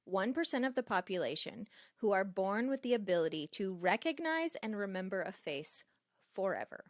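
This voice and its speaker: A woman's voice: mid-range voice, animated, normal speed, no room sound, studio quality. A woman co-hosting a podcast, chatting casually and reading out a news story. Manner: chatty, reads out news stories. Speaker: podcast co-host. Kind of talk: casual chat.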